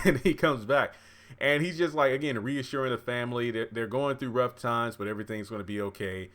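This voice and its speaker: A man's voice: medium pitch, fairly quick, a bit bright. A man giving a casual, rambling recap of a TV episode, chatty and full of fillers and side stories. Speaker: TV recap vlogger.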